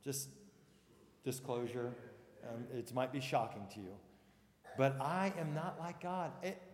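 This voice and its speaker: Slow-preaching man in an echoing hall. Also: medium pitch. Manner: dramatic shifts from hushed to shouted for emphasis. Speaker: pastor. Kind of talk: sermon. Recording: echoey hall with long reverb.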